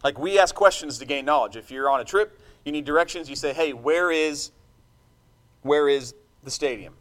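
A man with a noticeably high voice preaches a sermon from the pulpit. His delivery is impassioned and emphatic, and he turns to his congregation for a response. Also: normal speed.

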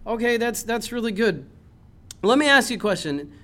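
A man preaching a sermon in a church, impassioned, swinging from loud emphasis to low earnest tones. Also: very animated, normal speed. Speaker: pastor.

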